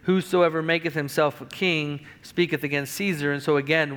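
A man's voice: fairly even intonation, moderate pace, few pauses, fairly bright tone. A man preaching a sermon as pastor, reading old-style scripture and building to emphatic, rising passages. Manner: emphatic preaching that rises in pitch and volume, with restarts; reads scripture aloud in King James wording.

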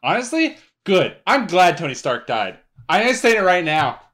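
A man joking sarcastically with friends in a casual chat, with sudden loud outbursts. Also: sits high, big pitch swings, normal speed.

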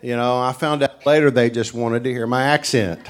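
A man's voice: mid-range voice, normal speed, slight background noise. A middle-aged man with an East Tennessee Southern accent, a guest preacher telling folksy stories in a sermon and acting out the characters. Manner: animated storyteller who acts out characters.

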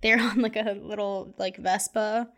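A woman's voice: medium pitch, measured pace. A young woman in easy conversation, recapping a movie scene by scene. She slips into the characters' lines as she goes and laughs often. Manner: animated storytelling, acts out quotes, laughs often. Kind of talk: casual chat about a film.

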